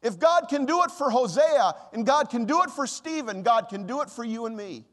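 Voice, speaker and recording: A pastor preaches a sermon with passion, his very high-pitched voice rising and dropping sharply whenever he quotes God. His intonation is lively and his tone fairly bright, at normal speed, with a long reverb tail.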